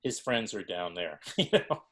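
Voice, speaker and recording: A middle-aged man hosting a casual interview, talking in a relaxed, musing way with some hesitation. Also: on the low side, a little slow. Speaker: host.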